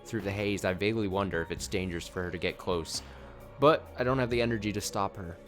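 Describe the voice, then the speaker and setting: A man's voice: low-pitched, quick pace, faint music behind. A man streaming a video game, reading the dialogue aloud with sarcastic, laughing asides. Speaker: let's play streamer.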